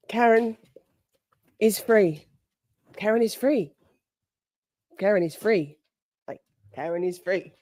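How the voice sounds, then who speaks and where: A woman's voice: fairly high pitch, slow pace, pauses often, no room sound, studio quality. A woman hosting a casual livestream from home, chatty and bubbly, swearing freely and greeting her viewers. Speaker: livestream host.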